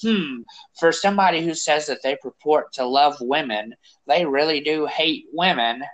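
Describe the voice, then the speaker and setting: A man's voice: normal speed, fairly bright tone, dull audio. A male podcast host in casual political talk, profane and ranting, his voice climbing when he gets worked up. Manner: profane, ranting, rising pitch when angry.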